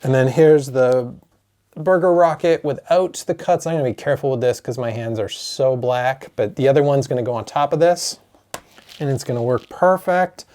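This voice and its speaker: Excited man unboxing his game. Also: mid-range voice, normal speed. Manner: excited, chatty, emotional. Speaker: board game designer. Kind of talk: unboxing vlog.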